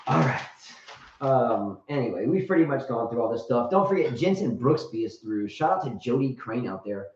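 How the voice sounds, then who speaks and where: A man's voice: mid-range voice, very animated, normal speed, a little mellow, a little hiss or hum. A man hosting a casual live show, rambling, joking and blunt, with crude humor. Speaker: show host and tennis coach. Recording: roomy, distant, dull sound.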